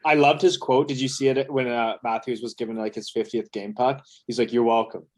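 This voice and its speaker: Relaxed young man leading podcast questions. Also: mid-range voice, brisk. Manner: relaxed, laughs often, leads the questions. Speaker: podcast co-host. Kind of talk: casual sports chat.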